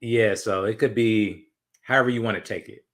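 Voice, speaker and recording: A man hosting a casual interview, asking questions in a relaxed way. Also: lowish voice, moderate pace. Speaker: podcast host.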